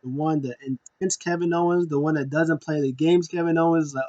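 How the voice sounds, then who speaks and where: Excitable young man recapping wrestling. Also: a little high, a little fast. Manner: excitable, acts out scenes in raised voices. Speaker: wrestling show reviewer. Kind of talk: casual recap commentary.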